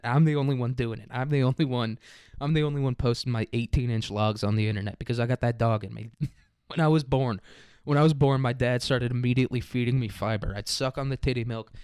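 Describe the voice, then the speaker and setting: A man's voice: medium pitch, a little mellow, clean tone, dry recording, clean studio sound. A young man from the American Midwest hosting a podcast in a crude, rambling comedy monologue, laughing often. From Kansas City area, American Midwest. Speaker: podcast host.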